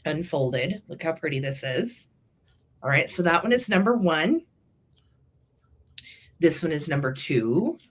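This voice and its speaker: A woman's voice: sits low, expressive, measured pace, long pauses. A woman co-hosting a live vintage sale, chatting sweetly and gushing over the items. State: throat tickle, clearing throat. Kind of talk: live selling chat.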